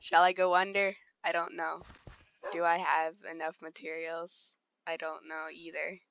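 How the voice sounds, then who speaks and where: Slow-talking woman gamer, lo-fi audio. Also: deep voice, level tone, vocal fry, fairly bright tone, smooth. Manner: chatty, easily startled, talks to animals. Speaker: gamer streaming play. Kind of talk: casual gameplay commentary. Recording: dull lo-fi sound.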